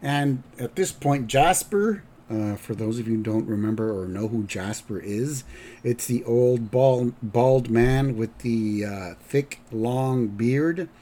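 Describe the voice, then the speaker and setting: A man casually recapping a cartoon episode as a podcast host, halting and rambling. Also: medium pitch, dark tone. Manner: rambling, halting, with fillers and restarts.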